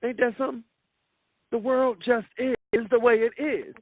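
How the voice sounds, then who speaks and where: A man's voice: very high voice, little pitch movement, a little slow, no echo. A man giving a motivational talk in a preacher-like way, repeating words and acting out the voices he quotes. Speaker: motivational speaker. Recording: dry tinny phone-like sound.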